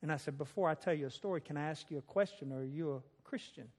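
Man, slightly high voice, folksy storytelling testimony, conversational, long echoing hall reverb. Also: fast, darkish tone. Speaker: speaker sharing a personal testimony.

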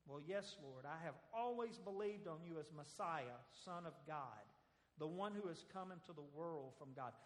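A man's voice: sits high, in a large hall. A man preaching a sermon, speaking conversationally and acting out the scripture quotes, with rhetorical questions to the congregation. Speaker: pastor.

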